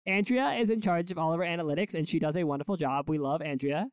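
A man's voice: a little high, quick pace, clean tone, no echo, studio quality. A young man co-hosting a podcast in casual chat, joking and making mock-formal apologies. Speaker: podcast co-host.

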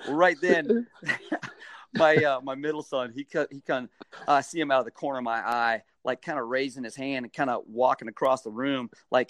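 A middle-aged man telling a story in a casual interview, animated, jumping into high-pitched bursts when he acts out what people said. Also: moderate pace, no room sound, studio quality. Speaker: guest, stadium mascot performer.

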